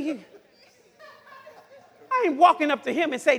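A man preaching a sermon who shouts, cries out and then drops to a hush, heard in a church hall. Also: very high voice, sing-song, unhurried, gravelly, a faint crowd. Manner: shouting, cries out, swings from loud to hushed. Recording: long hall reverb.

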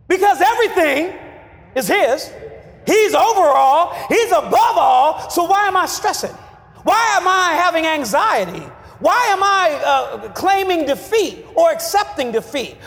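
A pastor preaching a sermon with call-and-response and shouted refrains. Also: male voice, very high-pitched, very animated, a little slow, creaky, in a large hall.

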